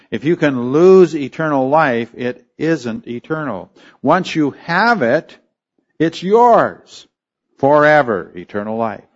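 A man preaching an expository sermon, emphatic and deliberate, often asking rhetorical questions as he teaches. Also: medium pitch, muffled recording. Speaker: pastor.

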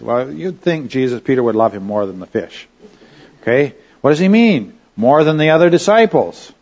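A man's voice: medium pitch, darkish tone, dull audio. A man teaching a Bible study lesson in a conversational way, often checking in with his listeners.

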